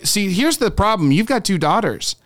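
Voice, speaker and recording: A man's voice: high-pitched, big pitch swings, normal speed, fairly bright tone, dry recording. A man hosting a podcast in a studio, chatting casually and playfully, telling stories with little acted quotes. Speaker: podcast host. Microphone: studio microphone.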